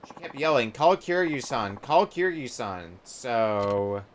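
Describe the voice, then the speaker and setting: A man's voice: mid-range voice, expressive, takes it slowly, a little hiss or hum. A man reading the lines of a polite, apologetic host club worker in a game, formal and explaining.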